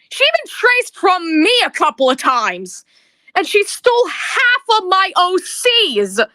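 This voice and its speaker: A woman with a very high, bright voice delivers a bitter, accusing rant straight to camera. She speaks slowly and stammers over her words. The recording is dry and close. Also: no room sound. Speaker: video creator. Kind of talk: emotional rant vlog.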